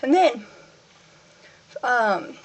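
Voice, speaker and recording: Teen girl rambling to her camera, kinda high voice, jokes at herself. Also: lively intonation, very slow, slightly rough. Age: teens. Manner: rambling, self-mocking, acts out her own quotes in a higher voice. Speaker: vlogger. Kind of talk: casual personal vlog.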